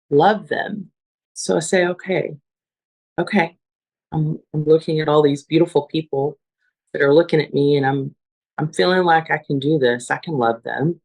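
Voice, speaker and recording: A woman's voice: low voice, poor audio. A woman, a mother, earnestly recounting her near-death experience, searching for words as she recalls it. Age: adult with children. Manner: earnest, searching, restarts and fillers while recalling. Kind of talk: emotional personal testimony.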